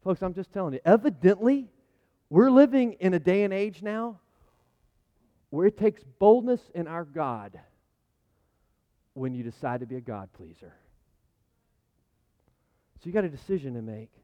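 A male pastor delivers a sermon in a casual, animated voice that sits a touch higher than most men's. He repeats phrases as he builds toward his points. The recording sounds dull and lo-fi. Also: moderate pace, long pauses. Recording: muffled lo-fi sound.

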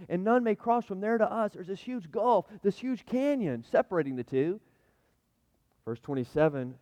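Emphatic higher-voiced male pastor preaching. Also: no echo, muffled recording. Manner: emphatic preaching, swinging between loud and hushed. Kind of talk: sermon.

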